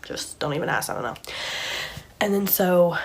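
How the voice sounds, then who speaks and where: Young woman vlogging, husky low-ish voice, rambly with lots of "like", slips into whispers. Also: lively intonation, normal speed. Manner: rambling, filler-heavy, dropping into whispers. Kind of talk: casual storytelling of a dream. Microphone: camera framed from the chest up.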